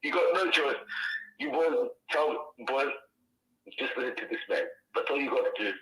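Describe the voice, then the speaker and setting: A male caller rambles and gushes, leaning on the same phrases again and again. His voice comes through bright and a little tense. The line sounds roomy, as if he's calling from an echoey space. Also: medium pitch, lively intonation, normal speed. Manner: gushing, filler-heavy, keeps repeating himself. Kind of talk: casual call-in chat.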